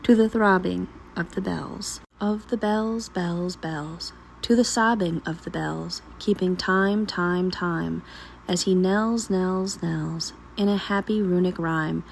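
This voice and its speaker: A woman vlogger reading a poem aloud while cooking at home in her kitchen, in a slow, emphatic recital that draws out repeated words. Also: on the low side, vocal fry, a little hiss or hum, rough recording. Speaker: vlogger and mother of a large family. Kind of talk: dramatic poetry reading.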